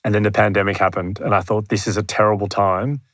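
A man's voice: lowish voice, level tone, quick pace, a bit bright, no room sound, studio quality. An Australian man telling his story as a podcast guest, earnest and self-deprecating, often acting out what he thought at the time. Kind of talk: candid storytelling in conversation. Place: room near his home.

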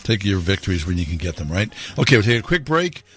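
A man's voice: low voice, sing-song, fast, fairly bright tone, husky. A man hosting a radio talk show, easygoing and agreeable in casual chat. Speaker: radio host.

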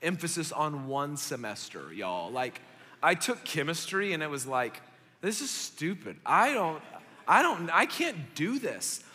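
A young man preaches to college-aged adults in a casual, storytelling way, with quick asides to the crowd. His voice is bright and forceful and sits a little high, and it rings with the long reverb of a church hall. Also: big pitch swings. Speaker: pastor.

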